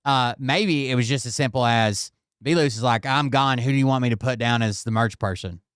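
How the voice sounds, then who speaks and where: A man talks over a clip in blunt, sarcastic asides and swears freely. His voice is smooth and resonant. The sound is close and dry, with no room echo. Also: mid-range voice, normal speed, fairly bright tone. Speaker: commentator reacting to a clip. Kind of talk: casual reaction commentary.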